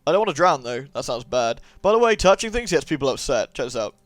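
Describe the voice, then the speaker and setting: A man's voice: on the high side, very animated, quick pace, dry recording. A man commentating a game playthrough, chatty and sarcastic, joking at the characters. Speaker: let's play host. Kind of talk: gameplay commentary.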